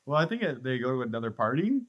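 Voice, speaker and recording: A man co-hosting a casual movie podcast who reacts fast and laughs often. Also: medium pitch, very animated, lo-fi sound. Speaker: podcast co-host.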